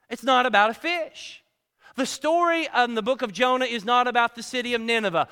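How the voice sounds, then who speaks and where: A man's voice: sits high, sharp tone, smooth. A man delivering a sermon in a church, reading scripture and then preaching earnestly with emphatic repetitions. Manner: earnest preaching with rising emphasis and repeated words. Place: church sanctuary. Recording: reverberant hall.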